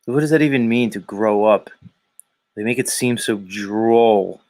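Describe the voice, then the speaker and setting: A man's voice: lowish voice, measured pace, darkish tone, no room sound, rough recording. A man with a Philadelphia accent who hosts a show, giving sardonic, musing livestream commentary that wanders off on tangents. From Philadelphia area, US. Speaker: show host.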